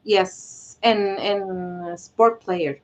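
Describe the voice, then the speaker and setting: A woman's voice: mid-range voice, steady tone, drawn-out words, a little mellow. A woman co-hosting a talk, mostly giving short agreeing replies.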